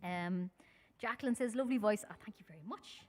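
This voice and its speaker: A woman from Ireland with a Dublin accent, chatting quickly and informally with her audience between songs at a live-streamed concert. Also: mid-range voice, soft background music. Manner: talks fast, chatty and informal, with many fillers.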